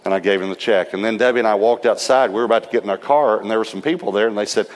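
A man's voice: lowish voice, rapid-fire. A man preaching to a church, telling a story with laughter and acting out the quotes. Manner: lively storyteller who acts out quotes and laughs. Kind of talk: sermon storytelling. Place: church service. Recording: long reverb of a large hall.

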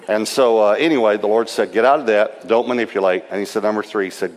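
A man's voice: on the low side, brisk, few pauses. A middle-aged man, a pastor, preaching and telling funny stories with quoted dialogue. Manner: humorous, animated storytelling with quoted voices. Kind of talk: sermon storytelling. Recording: long hall reverb.

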